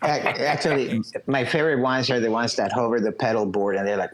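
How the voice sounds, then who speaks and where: A man's voice: mid-range voice, steady tone, brisk, slight background noise. A man guest on a podcast, chatting in a laid-back, joking way over a call. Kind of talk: casual podcast chat. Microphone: phone call.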